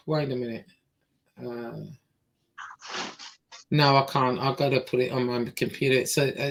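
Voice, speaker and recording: Slow, halting woman livestream host. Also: extremely low pitch, fairly bright tone. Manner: halting, many fillers and pauses; slow-paced, reads messages aloud. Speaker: show host. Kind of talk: livestream interview.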